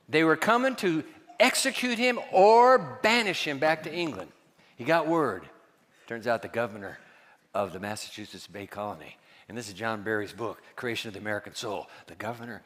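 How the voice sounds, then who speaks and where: A man preaching a sermon as pastor, quizzing his congregation and dropping to hushed asides. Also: fairly high pitch, animated, normal speed, big-room sound.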